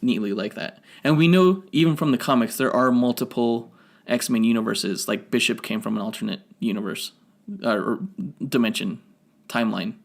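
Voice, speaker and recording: Male podcast co-host, mid pitch, gravelly texture, rambling nerdy review chat. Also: moderate pace. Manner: rambling, self-correcting, nerdy detail.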